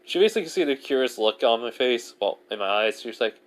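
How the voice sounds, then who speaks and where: A man's voice: mid-range voice, expressive, fast, few pauses. A man narrating a self-insert fan story off the cuff, rambling and full of filler words.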